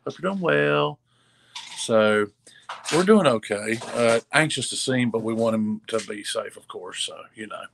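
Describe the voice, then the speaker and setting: A man co-hosting a live sales stream in a casual, halting way, full of fillers, greeting viewers by name. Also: medium pitch, gravelly, fairly bright tone, a little hiss or hum. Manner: halting, many fillers and restarts. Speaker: livestream co-host reading viewer comments.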